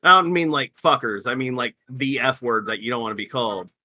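A man with a bright, forceful voice rants through a casual gaming podcast. He swears constantly and leans on "like" as filler, and the sound is dry and close. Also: medium pitch, animated, brisk, dry recording. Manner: heavy swearing, lots of "like", ranting. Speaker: podcast co-host.

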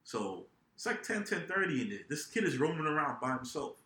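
A man hosting a podcast, telling a story in an animated, profane and laughing way. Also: a little high, fairly quick. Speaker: podcast host. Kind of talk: casual storytelling. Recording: echoey room.

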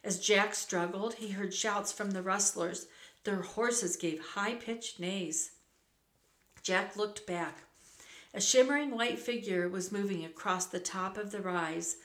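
A woman narrating a children's storybook aloud in a measured, clear, expressive way. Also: mid-range voice. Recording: roomy echo, faint background hum.

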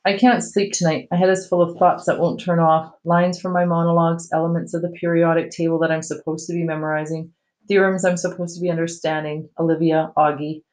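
A reader narrating a novel aloud for a class, in a plain, even storytelling manner. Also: mid-range voice, fairly quick, rough recording. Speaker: teacher reading aloud.

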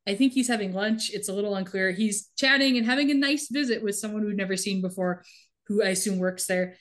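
Speaking briskly in a mid-range voice, this woman recaps a TV show on a laid-back chat podcast she co-hosts. She's wry and sarcastic, voicing the quoted lines lightly.

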